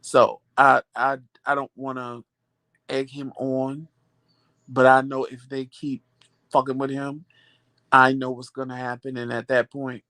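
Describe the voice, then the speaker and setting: A man hosting a vlog, telling a story in casual chat, animated and sassy, acting out the back-and-forth and calling listeners "child" and "honey". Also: mid-range voice, unhurried, dry recording. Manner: animated storytelling, acts out quoted exchanges. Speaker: vlog host.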